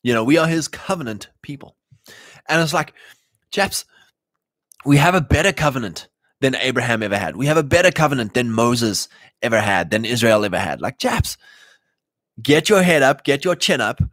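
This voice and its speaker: A man's voice: medium pitch, animated, normal speed, pauses often, fairly bright tone, no room sound, clean studio sound. A man preaching casually to a live chat, emphatic and slangy, often mimicking imagined voices. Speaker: Christian livestream host.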